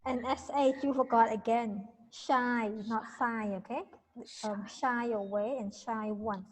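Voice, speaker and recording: A woman's voice: on the high side, steady tone, unhurried, a little mellow, big-room sound, low-quality recording. A woman teaching an English class over a video call, correcting pronunciation and asking students questions.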